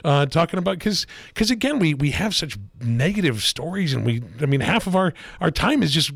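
A man's voice: a little high, lively intonation, brisk, vocal fry, few pauses, no room sound, clean studio sound. A man co-hosting a talk radio show, talking animatedly and incredulously, stammering and restarting. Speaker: radio co-host.

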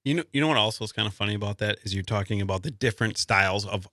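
A man's voice: fairly low pitch, racing, bright, forceful tone, no room sound, studio quality. A man chatting on a radio talk show, eagerly telling a story. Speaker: radio co-host. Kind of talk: casual radio chat.

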